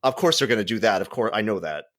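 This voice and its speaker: A man's voice: lowish voice, animated, quick pace, a bit bright. A man co-hosting a casual podcast, wry and argumentative as he makes his case. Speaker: podcast co-host. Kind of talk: casual chat.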